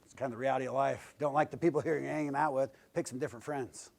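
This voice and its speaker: A man's voice: mid-range voice, steady tone, rapid-fire, gravelly, a little mellow. A man giving a casual, joking motivational talk as a guest speaker to a class, blunt and a little profane. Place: classroom lecture.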